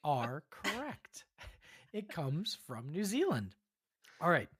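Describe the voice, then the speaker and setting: A woman's voice: low-pitched, very animated, slow pace, husky. A woman hosting a podcast, running a quiz for her co-hosts in an upbeat, encouraging way. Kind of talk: casual podcast chat.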